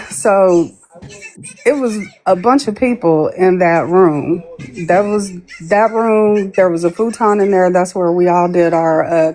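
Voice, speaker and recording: A woman guesting on a live stream tells a long story in a lowish, slightly mellow voice. It's casual, chatty storytelling; she laughs as she goes and acts out what people said.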